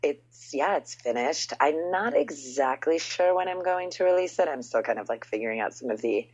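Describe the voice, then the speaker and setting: A very low, husky woman's voice chatting loosely and telling anecdotes full of acted-out quotes. The sound is somewhat dull and lo-fi, like a home podcast recording. She's in her thirties and talks in a relaxed, rambling way. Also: moderate pace. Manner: storytelling, animated quotes, frequent "like". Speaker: podcast guest, musician. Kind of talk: casual chat.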